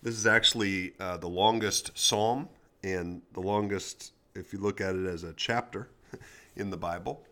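A man hosting a devotional podcast, reading scripture aloud at a steady pace and adding short plain comments. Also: low-pitched, measured pace. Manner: reads scripture aloud with brief comments and prayer. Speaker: podcast host.

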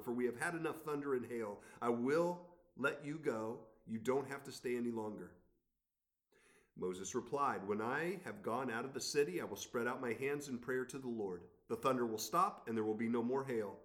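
A man's voice: medium pitch, a bit bright. Earnest man teaching from scripture. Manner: earnest, expository. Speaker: Bible teacher. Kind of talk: scripture reading with commentary.

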